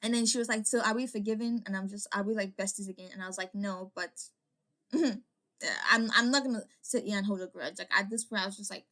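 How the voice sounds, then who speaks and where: A woman's voice: medium pitch, steady tone, fast talker, sharp tone. A young woman vlogger telling a personal story in a casual, rambling way, full of "like" fillers and restarts.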